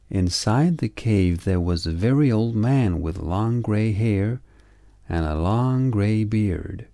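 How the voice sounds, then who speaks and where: A man reading a children's story aloud in slow, measured storybook narration. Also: sits low, gravelly, warm tone, dry recording, clean studio sound.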